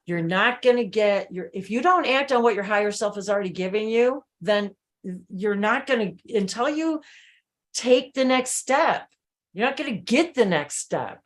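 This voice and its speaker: A woman's voice: mid-range voice, normal speed. A woman hosting a spiritual video-call hangout, telling stories emphatically and talking straight to her viewers. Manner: animated, emphatic storytelling, addresses viewers directly. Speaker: channeling host. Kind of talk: live video-call chat.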